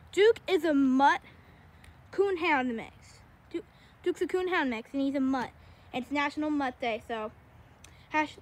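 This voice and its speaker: A woman vlogging casually outdoors with her dogs, chatting to them fondly on a handheld camera. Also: high-pitched. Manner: chatty, talks to the dogs in a fond sing-song. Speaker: pet vlogger. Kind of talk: casual vlog with pets. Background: dogs barking.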